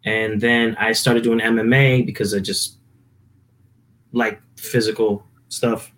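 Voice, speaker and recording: A man's voice: on the low side, level tone, slow, a bit bright, slight background noise. A young man from New Jersey, a musician guest chatting casually on a podcast, telling stories in a rambling way full of fillers. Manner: rambling, filler-heavy storytelling.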